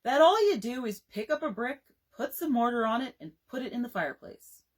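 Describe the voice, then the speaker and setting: A woman's voice: on the high side, lively intonation, brisk, husky, voice pushed up. A woman reading aloud as a brash, teasing middle-aged man with a New England twang, breezy and patronizing. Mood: boastful.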